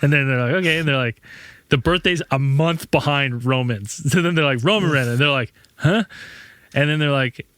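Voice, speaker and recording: Bright, swearing man telling stories. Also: medium pitch, moderate pace, dry recording. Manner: rambling storyteller, swears a lot, laughs often. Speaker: podcast host. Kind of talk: casual chat.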